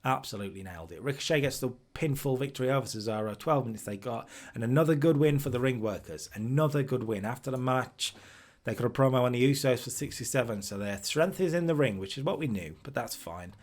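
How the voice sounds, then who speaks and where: A man's voice: medium pitch, quick pace. A man casually talking through a wrestling booking game, recapping each segment and reading out its ratings. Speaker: streamer booking a wrestling sim.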